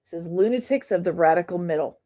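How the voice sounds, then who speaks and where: A woman's voice: on the low side, fairly quick, dark tone. A woman hosting a casual live stream, chatting to viewers and reading aloud from a post. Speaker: host.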